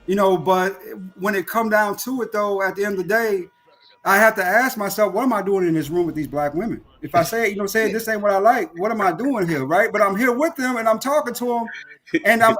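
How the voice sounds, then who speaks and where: A man's voice: high voice, a bit bright. A man in a casual live-stream conversation, talking in a reflective, preachy way.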